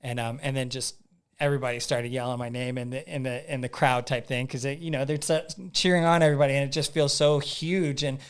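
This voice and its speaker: A man telling a story as a podcast guest in a casual, animated way, acting out his own thoughts and using lots of fillers. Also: medium pitch, fast, smooth. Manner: frequent "like" fillers and repeats.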